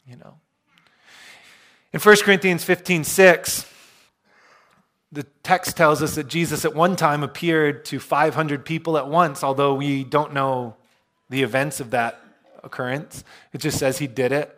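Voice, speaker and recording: A male pastor preaching a sermon, retelling scripture in a relaxed, storytelling way with self-deprecating humor. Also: a little high, measured pace, long pauses.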